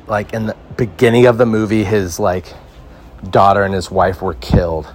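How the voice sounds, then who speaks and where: Rambling and cracking jokes, a Mexican man hosts a comedy podcast and tells animated stories in casual chat. His voice is deep and fairly quick, and there is a slight hiss or hum.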